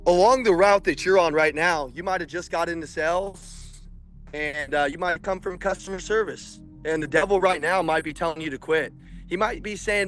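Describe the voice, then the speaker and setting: Fired-up high-voiced male sales coach. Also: moderate pace, faint music behind. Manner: intense, preachy, builds to shouting. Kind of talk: motivational speech.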